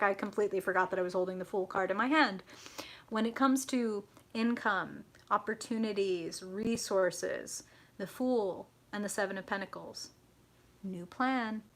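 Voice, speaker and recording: A woman's voice: mid-range voice, unhurried, fairly bright tone. A young adult woman hosting a live tarot reading, chatty and frank, swearing freely and answering viewer comments.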